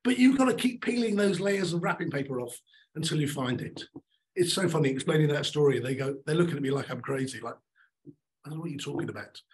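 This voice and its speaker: A middle-aged man giving a motivational talk on stage, emphatic and animated, repeating his key lines. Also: on the high side, fast talker, poor audio. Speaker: keynote speaker.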